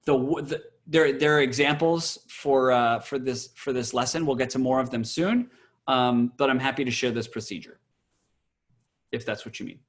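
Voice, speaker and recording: A man's voice: medium pitch, moderate pace. A man teaching a cantor's class on a video call, chatty and playful, slipping into chant.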